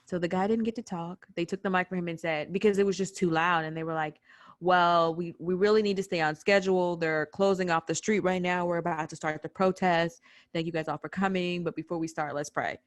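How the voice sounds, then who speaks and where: A young adult woman from the United States, telling a personal story on a podcast in an animated way, acting out what people said. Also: fairly low pitch, brisk, dry recording. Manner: animated retelling with quoted voices. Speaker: podcast guest recounting a protest. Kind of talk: personal storytelling in casual chat.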